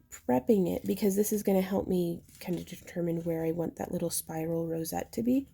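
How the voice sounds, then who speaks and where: A woman with a slightly hoarse voice, chatting casually as she explains a step-by-step craft tutorial while she works. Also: lowish voice, moderate pace, dark tone, soft background music. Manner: chatty, explains while working, with fillers and throat clearing. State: slightly losing her voice. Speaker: jewelry-making instructor.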